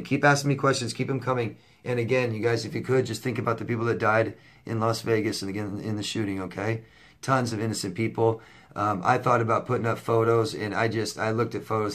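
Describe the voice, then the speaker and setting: A man's voice: fairly low pitch, level tone, a little fast, a bit bright. A man coaching in a casual to-camera Q&A, blunt and profane, repeating himself with lots of fillers. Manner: blunt, profane, repetitive phrasing; conversational with many fillers and restarts. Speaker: life coach answering viewer questions.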